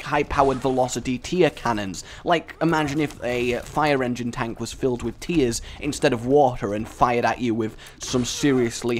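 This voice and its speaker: Sarcastic man with a bouncy, lively voice. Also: slight background noise. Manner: sarcastic and self-mocking, jumping into high squeaky bits. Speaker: gaming commentator. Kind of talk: let's-play commentary.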